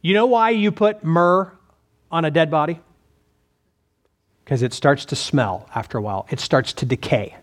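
A man preaching a sermon, his voice sitting a little high for a man. He talks conversationally, often restarts his sentences and keeps putting questions to his listeners. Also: normal speed, long pauses. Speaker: pastor.

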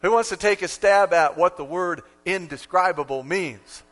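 A man preaching a sermon as pastor, emphatic and repeating key lines for effect, with sudden swings from quiet to loud. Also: high-pitched, normal speed.

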